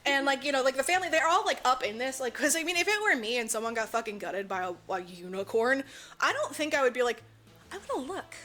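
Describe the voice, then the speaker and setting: High-pitched and fast, a woman co-hosts a podcast and runs through a movie's plot. She's casual and animated, swears a lot, and acts out the characters' lines.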